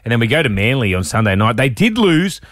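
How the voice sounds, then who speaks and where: A man's voice: medium pitch, quick pace, no room sound. An Australian man co-hosting breakfast radio, telling cheeky stories in casual sports banter on a studio microphone. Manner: cheeky, animated storyteller. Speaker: breakfast radio co-host, ex-footballer.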